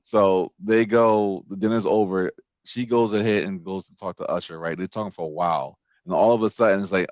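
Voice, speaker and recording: A man's voice: sits low, brisk, no echo, muffled recording. A man hosting a casual podcast, telling stories with crude jokes and acting out the voices of the people he quotes. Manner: animated storyteller, crude and joking, acts out quoted voices. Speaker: podcast host.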